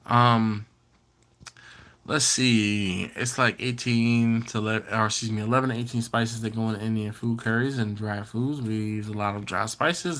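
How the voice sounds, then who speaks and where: A man's voice: mid-range voice, fairly bright tone. A man hosting a live barbecue stream, chatting casually and reading out viewer comments with playful teasing. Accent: Maryland. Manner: chatty, reads out viewer comments and teases them. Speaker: BBQ channel host. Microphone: computer or phone setup.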